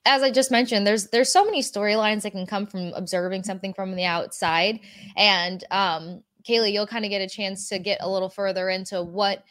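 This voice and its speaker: A woman co-hosting a sports podcast, chatting casually and telling anecdotes with an expressive, easy laugh. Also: mid-range voice, a little fast, dry recording.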